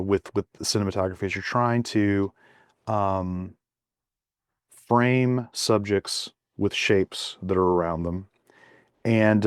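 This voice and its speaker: A man co-hosting a podcast in casual chat, talking in a halting way with many fillers and restarts. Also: fairly low pitch, clear, resonant tone, no room sound, clean studio sound. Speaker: podcast co-host.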